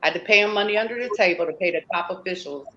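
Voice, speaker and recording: Woman guest telling her story hard and emphatic, bright sharp voice, kinda muffled lo-fi sound. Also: medium pitch, rapid-fire, slight background noise. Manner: emphatic, acts out quoted dialogue. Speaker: interview guest. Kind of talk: personal storytelling in an interview.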